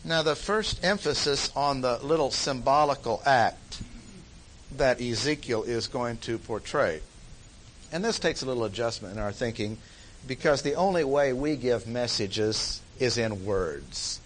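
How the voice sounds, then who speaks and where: A man's voice: mid-range voice, expressive, a little slow, slight background noise, poor audio. A man teaching a Bible study lecture in an emphatic way, repeating key phrases for stress.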